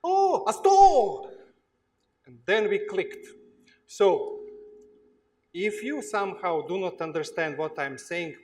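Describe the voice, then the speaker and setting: A man with a Slavic accent gives a workshop talk to students, his voice pitched a little above the usual for a man. He speaks very slowly, stopping often on "uh" and repeating himself as he searches for words. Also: a little hiss or hum. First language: Slavic language. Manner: slow, halting, with frequent uh pauses and repeats. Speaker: guest lecturer. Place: lecture hall.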